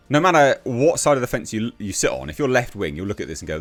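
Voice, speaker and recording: A man delivers a casual political rant in a low voice. He sounds exasperated and mocking, and his pitch swings widely as he talks. Faint music plays in the background. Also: lively intonation, quick pace, few pauses, a bit bright. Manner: blunt, exasperated and mocking, with sarcastic asides. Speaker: political commentary podcaster.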